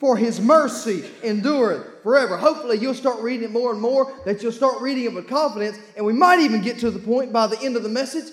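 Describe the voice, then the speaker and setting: A man preaching a sermon, reading scripture aloud and calling his congregation to read along, with bursts of shouting. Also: very high-pitched, quick pace, few pauses, reverberant. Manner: call-and-response, urging the congregation to read along. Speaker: pastor.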